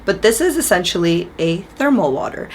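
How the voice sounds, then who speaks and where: A woman's voice: fairly low pitch, very animated, normal speed, slight background noise. A woman from Canada chatting casually to camera as a beauty vlogger, friendly and full of fillers, in her room.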